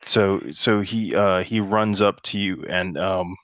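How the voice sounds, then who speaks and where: Low-voiced man running a tabletop game. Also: steady tone, a bit bright, no room sound. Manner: halting, many restarts and fillers. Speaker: dungeon master.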